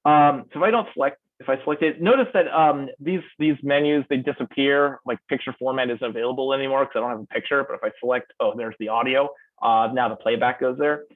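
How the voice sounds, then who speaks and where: Guy teaching a class online, talking through his slides as he clicks, mid pitch, tinny phone-like sound. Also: fast, hardly any pauses. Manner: thinks aloud while clicking through slides. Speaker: instructor. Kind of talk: online lecture with software demo. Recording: tinny phone-like call audio.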